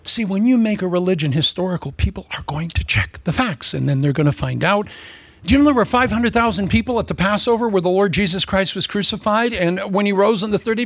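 A man preaching a humorous sermon, sarcastic and animated, slipping into mock voices. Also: high-pitched, no echo.

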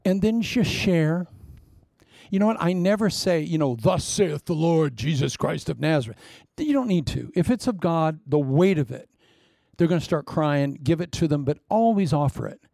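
Older man, pastor, storytelling sermon, self-deprecating humor, gravelly edge, dry close sound. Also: fairly high pitch, normal speed, mellow, no echo. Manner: jokey, self-mocking, acts out quotes.

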